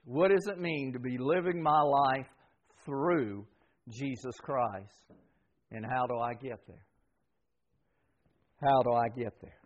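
Here the preacher speaks at a medium pitch, with the highs cut off in the recording. He leads his congregation in call-and-response and hammers key words through emphatic repetition.

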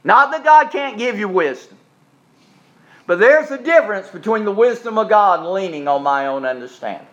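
A man delivers a homespun sermon, joking with his listeners and then leaning hard on slow, repeated points. His voice sits high for a man. The recording is dull and lo-fi. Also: animated, a bit bright. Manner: folksy, joking preaching with emphatic slowed repetitions. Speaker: pastor.

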